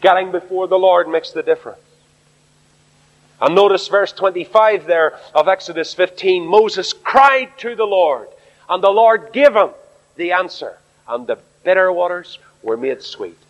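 Guy preaching a bible study, kinda high voice, earnest, lo-fi old recording. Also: lively intonation, measured pace. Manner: earnest, preaching with rhetorical questions. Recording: echoey hall, dull lo-fi sound.

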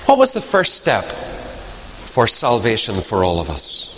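A man preaching a sermon, swinging from loud emphasis to hushed whispers. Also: fairly low pitch, huge pitch swings, unhurried, slight background noise.

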